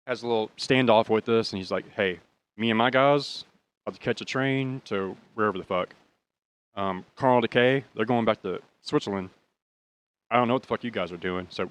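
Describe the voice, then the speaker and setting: A man hosting his own show, casually telling a long tour story in a profane, rambling, animated way. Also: on the low side. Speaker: podcast host, drummer.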